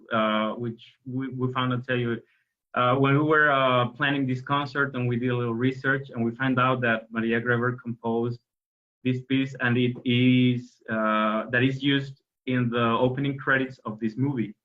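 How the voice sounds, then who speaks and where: Hesitant man explaining music. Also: mid-range voice. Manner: hesitant, many fillers and restarts. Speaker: musician guest. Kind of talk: explaining interview talk. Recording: dull lo-fi audio.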